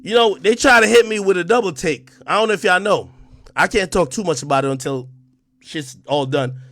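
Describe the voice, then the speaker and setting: A man hosting a livestream, trash-talking aggressively with heavy profanity, swinging between shouting and low muttering. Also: brisk, no echo. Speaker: livestream host. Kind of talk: ranting livestream talk.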